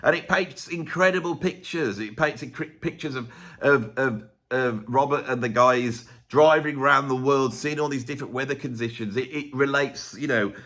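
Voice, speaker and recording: A man's voice: medium pitch, moderate pace, fairly bright tone. A man giving a casual track-by-track music analysis, rambling and enthusiastic, with many restarts. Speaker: music commentator.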